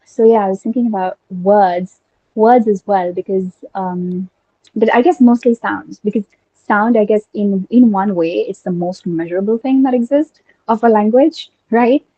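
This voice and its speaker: A woman's voice: mid-range voice, normal speed, warm tone, lo-fi sound. A young woman whose first language is Urdu, talking eagerly in casual conversation and thinking aloud with many fillers and restarts. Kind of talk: casual conversation about linguistics.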